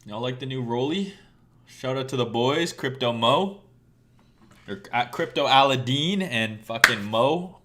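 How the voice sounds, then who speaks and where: A man's voice: mid-range voice, lively intonation, a little slow, sharp tone, a little hiss or hum. Male trading streamer, casual and profane, teaches by quizzing his live audience. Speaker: trading educator. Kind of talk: live-streamed chart lesson.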